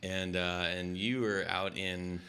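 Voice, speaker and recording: A man's voice: sits low, little pitch movement, slow, sharp tone, smooth. A man from Southern California hosting a podcast in casual chat, laughing and often restarting his sentences. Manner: laughing, self-interrupting, restarts. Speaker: podcast host.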